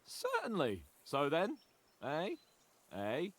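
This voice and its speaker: A man's voice: on the high side, huge pitch swings, slow, exaggerated voice. An actor playing a cocky young nobleman in a video game, teasing and commanding his sparring partner. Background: game music.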